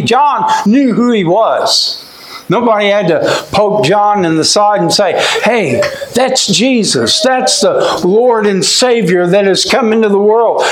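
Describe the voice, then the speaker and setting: Preacher guy, high voice, slow drawn-out sermon, roomy echo. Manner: emphatic, drawn-out preaching cadence.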